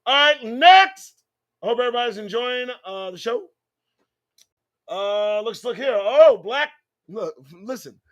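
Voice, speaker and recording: A man's voice: sits high, a little slow, pauses often, no echo. A man hosting his own show, delivering a profane commentary monologue full of rhetorical questions. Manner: animated, swearing, rhetorical questions. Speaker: show host.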